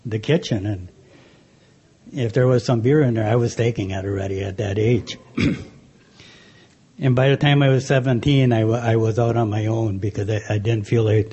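A man giving a hesitant, halting talk about his own recovery, often clearing his throat. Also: lowish voice, fairly even intonation, warm tone, dull audio. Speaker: convention speaker.

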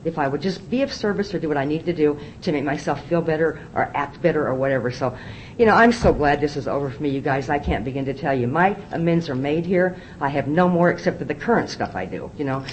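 A woman's voice: low voice, animated, fast talker, muffled recording, slight background noise. An older woman sharing her story at a recovery meeting, confiding and acting out the dialogue of the people in it. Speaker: AA speaker.

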